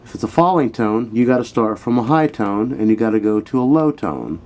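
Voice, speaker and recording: A man's voice: medium pitch, animated, fairly quick, few pauses, a little mellow. A man teaching a casual video language lesson, speaking straight to his viewers and filling his talk with "um" and "you know". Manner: rambling, filler-heavy and chatty. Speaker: online Thai language teacher.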